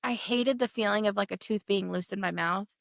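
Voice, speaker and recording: A woman's voice: medium pitch, brisk, vocal fry, no room sound, clean studio sound. A young woman co-hosting a podcast from her apartment, chatting casually and telling stories with lots of laughs. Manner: giggly, animated storytelling. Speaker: podcast co-host. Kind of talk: casual chat.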